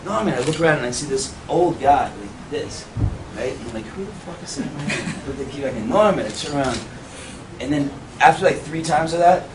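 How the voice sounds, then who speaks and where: A man telling casual stories from a film set in a relaxed, low-key way. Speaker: actor guest. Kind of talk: casual storytelling. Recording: echoey venue, far mic, loud noise.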